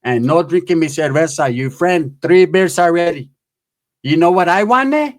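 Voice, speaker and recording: A man voicing a gruff, laid-back immigrant father with a Mexican Spanish accent, speaking slow broken English mixed with Spanish. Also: a little high, lively intonation, natural voice. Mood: demanding.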